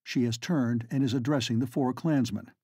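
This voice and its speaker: Husky male audiobook narrator. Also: medium pitch, fairly even intonation, a little mellow, dry recording, studio quality. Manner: measured, dramatic storytelling. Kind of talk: scripted narration.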